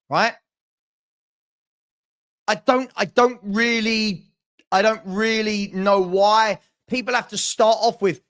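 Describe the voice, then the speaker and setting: Unhurried yet exasperated, the host of a casual football live stream speaks in a high, slightly bright voice. He keeps stumbling, restarting, and repeating phrases in frustrated bursts.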